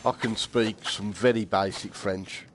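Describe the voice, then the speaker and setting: A man's voice: on the low side, fairly even intonation, measured pace, noisy background. A man chatting casually to viewers while streaming a game, laughing often and swearing lightly. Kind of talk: casual live-stream chat.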